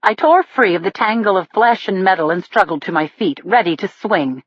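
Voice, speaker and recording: A woman narrating a thriller audiobook in the first person, in a steady storytelling manner. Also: medium pitch, a little fast, breathy edge, dry recording. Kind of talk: scripted narration. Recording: dull lo-fi dry recording.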